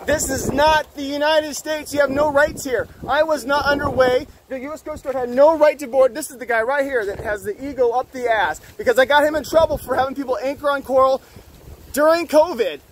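A man's voice: extremely high pitch, steady tone, fairly quick, a little hiss or hum, poor audio. A man confronting officials outdoors at a harbor, angry, accusatory and profane. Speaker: boat owner confronting officials. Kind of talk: heated confrontation, filmed.

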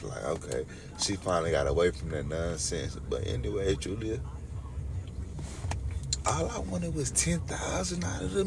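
A young man with a low, gravelly, creaky voice talks directly to his chat during a late-night livestream, spinning loose, rambling stories. His phone sits a little way off, so he sounds distant, with a faint hum in the background.

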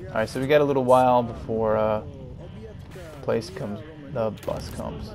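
A man's voice: mid-range voice, fairly even intonation, normal speed, vocal fry, darkish tone, soft background music. A man casually commenting while playing a video game, rambling and easygoing with lots of fillers. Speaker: gaming channel host. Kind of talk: casual let's-play commentary.

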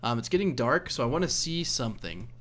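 A young let's play host talks over his own gameplay in a mid-range, slightly bright voice with lively intonation and a fairly quick pace. He chats and rambles, laughs at himself, and coaxes the characters on screen.

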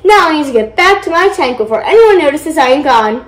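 A young reader voicing a curious, friendly little mermaid in a storybook, turning dramatic and shrill when frightened. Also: female voice, lively intonation, a little fast, low-quality recording. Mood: chatty. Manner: dramatic, shrieking when scared.

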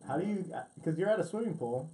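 A man's voice: fairly high pitch, lively intonation, quick pace, dark tone. Laid-back joking man on a podcast. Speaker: podcast co-host. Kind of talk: casual podcast chat.

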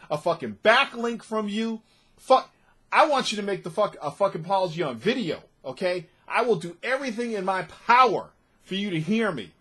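A man's voice: high voice, fairly bright tone, slightly rough. A man who runs a gaming website, ranting angrily to camera and swearing nonstop. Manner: furious, profane, repeating himself. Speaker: gaming site owner and writer. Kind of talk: angry rant to camera.

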